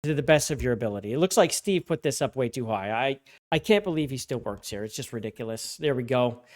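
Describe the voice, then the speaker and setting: A woman's voice: extremely low pitch, lively intonation, fast talker. A woman hosting a comedic award show, rambling with sarcastic asides and bursts of mock panic.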